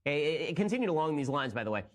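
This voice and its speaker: A man's voice: a little high, sing-song, very fast. A male commentator with a slightly raised voice rattles through his points at speed. He sounds mocking and incredulous as he delivers political commentary from a studio.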